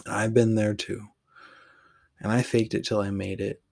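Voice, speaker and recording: Man, low voice, candid rambling talk, casual swearing, solo podcast reflection. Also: little pitch movement, a little slow, gravelly, darkish tone. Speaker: podcast host, poet.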